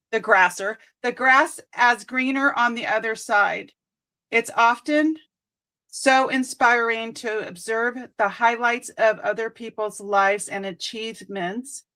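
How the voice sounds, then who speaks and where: Woman, psychic card reader, tearful, tender, high pitch, slow pace. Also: bright, forceful tone, poor audio. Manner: emotional, tender, reading aloud slowly. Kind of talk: live-streamed card reading.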